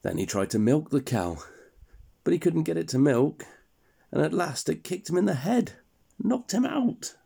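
A man reading a fairy tale aloud to a child in a relaxed, chatty way, stopping to explain and laugh. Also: on the high side, moderate pace, gravelly, breathy edge.

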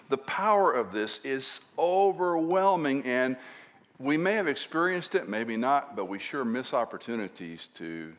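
An earnest male pastor giving a sermon at an ordinary, mid-range pitch. He teaches in a conversational way and often lets his voice sink to a soft hush to drive a point home. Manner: earnest, often dropping to a soft, hushed delivery for emphasis.

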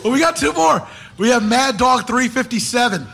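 A man's voice: very high-pitched, animated, moderate pace, vocal fry, sharp tone. A man hosting a casual podcast chat, upbeat and jokey while his mouth burns from hot sauce. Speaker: podcast host.

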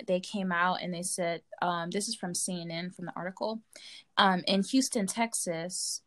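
A woman's voice: fairly low pitch, a bit bright. A woman co-hosting a podcast who chats casually with frequent fillers, then reads out a news summary. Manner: chatty, with frequent fillers and likes. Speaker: podcast co-host.

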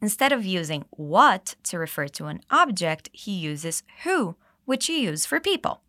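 Bright, lively woman teaching English. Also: on the low side, dry recording, studio quality. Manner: clear, slow modeling of phrases with exaggerated intonation. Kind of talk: English lesson with repeat-after-me drills.

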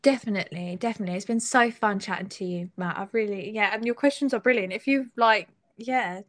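A young British woman, a singer-songwriter guest, chatting casually in an interview, giggly and halting with many restarts. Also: medium pitch, a bit bright. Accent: British English.

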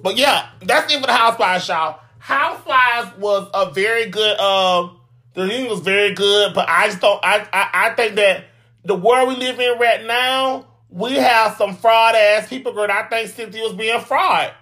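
A man dishes out sassy, profane gossip in a casual vlog, his voice sitting high for a man. The tone is bright and sharp, and he sounds dramatic and opinionated throughout. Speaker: vlogger. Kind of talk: casual reality-TV commentary.

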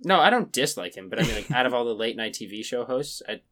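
A man's voice: mid-range voice, big pitch swings, quick pace, a bit bright. A young man co-hosting a podcast in casual chat, joking and acting out voices of the people he talks about. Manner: joking, acts out quoted voices. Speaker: podcast co-host.

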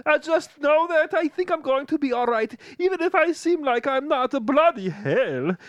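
A man playing a high-voiced grieving young man. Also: sing-song, a bit bright, no echo, highs cut off, exaggerated voice. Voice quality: high, halting and tearful. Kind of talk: script table read.

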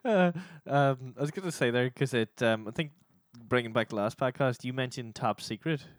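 A man co-hosting a podcast, chatting casually, eager and quick to laugh. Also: medium pitch, no room sound, studio quality. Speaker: podcast co-host. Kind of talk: casual chat.

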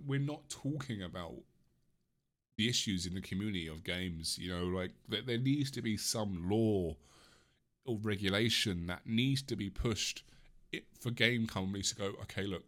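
A man in his mid-twenties rants alone, his voice sitting a little low. He swears freely, restarts his sentences again and again, and keeps apologising for going off topic. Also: fairly bright tone. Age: mid-20s. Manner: ranting, swears a lot, many restarts and apologies. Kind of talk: solo rant.

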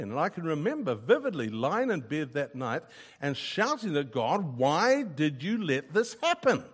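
A man preaching a sermon, earnest and emphatic, often repeating a word as he starts a sentence. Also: medium pitch. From New Zealand.

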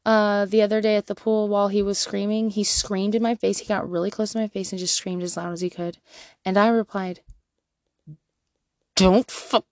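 Laughing frequently, this woman in her thirties offers frank, profane advice on parenting as a mother, dropping from quiet asides into loud bursts. She has a mid-range voice, and the studio-quality recording carries no echo.

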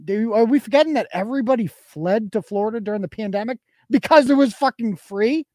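A man's voice: high-pitched, animated, brisk, mellow, dry recording, clean studio sound. A man hosting a live show, delivering a heated, profanity-laced political rant and restarting his sentences as he goes. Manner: heated, swearing constantly, restarts mid-sentence.

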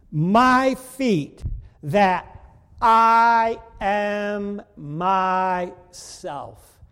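A male pastor delivers a sermon in a high, clear-pitched voice. He speaks slowly and emphatically, pausing for weight. The sound carries the long reverb of a church sanctuary. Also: darkish tone. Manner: slow, emphatic preaching with dramatic pauses.

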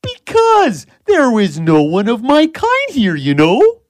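A woman voicing a gentle, lonely pampered male pet dog in a children's story. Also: fairly high pitch, wildly swooping pitch, slow pace, no echo, exaggerated voice. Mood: wistful.

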